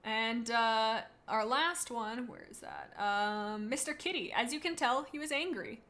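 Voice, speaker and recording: A woman's voice: fairly high pitch, expressive, unhurried, a bit bright. A woman chatting on a live stream, rating viewers' cats, reading chat aloud in a bubbly, rambling, playful way.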